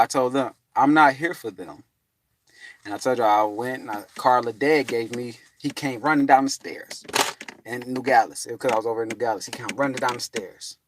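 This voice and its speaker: A man tells a rambling spiritual story, meandering and profane, packed with fillers. When he quotes people, he suddenly switches to high, loud voices.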